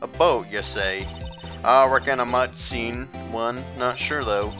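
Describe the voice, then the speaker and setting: A man voicing a loud, blunt Southern country woman with an exaggerated drawl, over game music. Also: mid-range voice, slow pace, natural voice. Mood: folksy.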